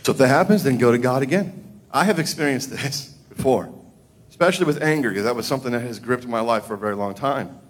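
A man preaching a sermon, his voice rising and falling widely as he builds his points. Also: fast talker. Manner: preaching with big swings in pitch and volume. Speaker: pastor.

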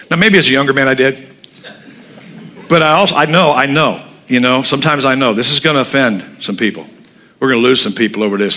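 A man's voice: medium pitch, a little fast, long pauses, sharp tone. A man preaching a sermon, telling humorous stories and speaking bluntly and with animation. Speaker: pastor.

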